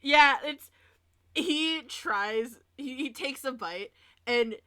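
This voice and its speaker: A woman narrating her character in a tabletop actual play, chatty and quick to giggle. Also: high-pitched, pushed and bright. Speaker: player in a tabletop game.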